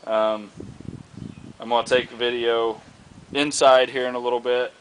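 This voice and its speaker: A man's voice: medium pitch, flat delivery, measured pace, a bit bright, clean tone, poor audio. A man casually showing off a homemade target stand, rambling with many fillers and restarts. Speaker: hobbyist vlogger showing a homemade build. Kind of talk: casual outdoor show-and-tell.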